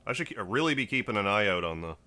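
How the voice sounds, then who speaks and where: A man's voice: lowish voice, sing-song, rapid-fire, bright, forceful tone. A man chatting casually on a game livestream, greeting viewers by name between play. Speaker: game streamer. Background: faint game music.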